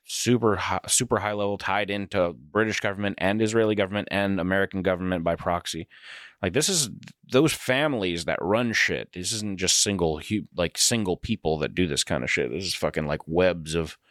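A man's voice: low voice, brisk, a bit bright, dry recording, studio quality. A man co-hosting a podcast in casual chat, rambling and swearing. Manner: profane, rambling. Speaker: podcast co-host.

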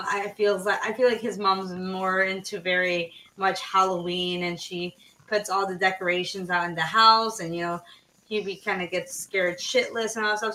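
A woman co-hosts a relaxed movie chat in a bright, forceful voice. She sits a little back from the microphone and talks loosely, trailing off and piling on fillers. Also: medium pitch, distant mic, low-quality recording. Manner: chatty, trailing off, many fillers. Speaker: podcast co-host. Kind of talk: casual movie discussion.

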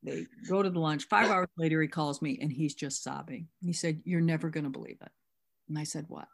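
A woman's voice: low-pitched, fairly quick, creaky, husky. A middle-aged woman at a recovery workshop, recounting a sponsorship story and acting out both sides of the dialogue. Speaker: workshop speaker.

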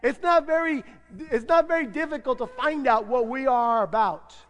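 A man preaching as pastor in a church, playful and laughing, acting out people's excuses in a lively sermon. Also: very high-pitched, moderate pace. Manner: playful, acts out congregants' excuses, frequent laughter. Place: church sanctuary.

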